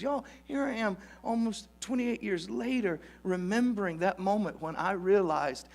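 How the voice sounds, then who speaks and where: A man's voice: sits high, lively intonation, measured pace, vocal fry, few pauses. A man in his fifties, a pastor, telling a personal story in a sermon, conversational at first and rising to emphatic preaching.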